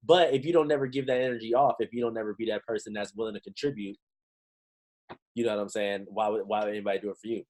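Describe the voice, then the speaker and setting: A man giving a lively pep talk to his team on a video call, full of slang and rhetorical questions. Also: on the low side, fast talker, low-quality recording. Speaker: motivational team trainer.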